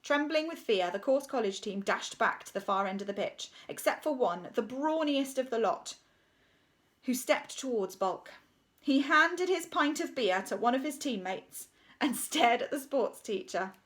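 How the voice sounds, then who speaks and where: A woman's voice: a little high, lively intonation, moderate pace, fairly bright tone. Woman, storybook reader, playful, sound effects and asides. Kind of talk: children's story reading.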